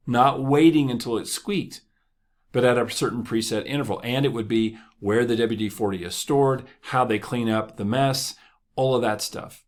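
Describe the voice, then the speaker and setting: A man hosting a motivational podcast, talking casually and joking as he tells stories. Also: on the low side. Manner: conversational, joking, laughs often. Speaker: podcast host.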